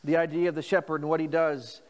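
A man preaching a sermon as pastor, reading scripture phrases slowly and inviting the congregation to repeat them. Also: on the high side, flat delivery, a little mellow, big-room sound. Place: church.

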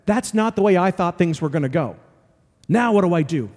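A man's voice: sits high, expressive, a little fast, darkish tone. A male pastor preaching a sermon, telling stories earnestly and driving points home with repetition. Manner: earnest storytelling with emphatic repetition. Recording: long reverb of a large hall.

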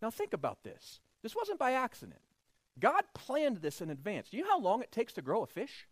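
Brief: male pastor, expressive high voice, dry close recording, storytelling sermon. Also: fairly quick, dry recording. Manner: animated storytelling, acts out voices.

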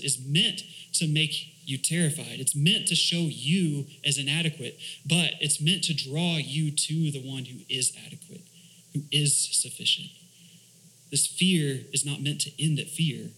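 A man's voice: mid-range voice, pushed and bright, rough recording. A young man serving as a church elder, giving an informal, conversational sermon with many fillers and restarts.

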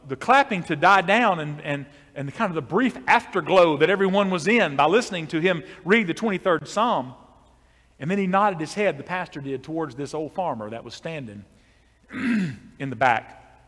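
A man's voice: a little high, animated, normal speed, a bit bright. Male pastor, storytelling sermon, conversational, long reverb trailing his words. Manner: conversational, with frequent restarts.

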